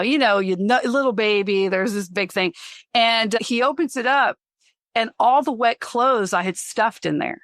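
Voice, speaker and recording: A middle-aged woman hosts a podcast interview in a mid-range, fairly bright voice, talking a little fast in clean studio sound with no room sound. Her casual chat is rambling and storytelling, and she laughs mid-sentence as she talks.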